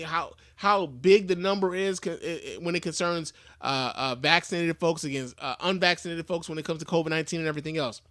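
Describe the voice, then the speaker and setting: A man hosting his own podcast, giving casual, animated commentary on the news with frequent restarts and casual swearing. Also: fairly high pitch, no room sound, clean studio sound. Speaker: podcast host.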